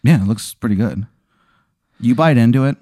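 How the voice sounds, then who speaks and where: A man telling an improvised comic story in a rambling, deadpan way, full of fillers. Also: medium pitch, normal speed, no room sound, studio quality.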